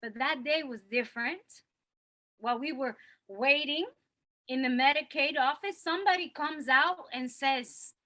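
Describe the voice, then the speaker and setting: A young working mother telling her story, as an actress plays her. Her voice sits high and sounds bright, and she takes her time. She is confessional and mixes Spanish words into her English. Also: a little slow, rough recording. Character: young working mother, Cristela, holding back tears. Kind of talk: stage monologue acting.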